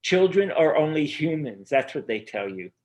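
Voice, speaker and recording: A man's voice: fairly high pitch, big pitch swings, moderate pace, darkish tone. A man being interviewed as an author, talking in an earnest, rambling way with many fillers and restarts over a remote video call. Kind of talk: casual interview conversation.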